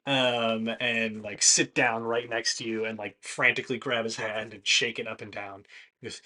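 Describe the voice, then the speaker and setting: A man narrating a tabletop game as game master in a loose, relaxed way with fillers. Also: mid-range voice, normal speed.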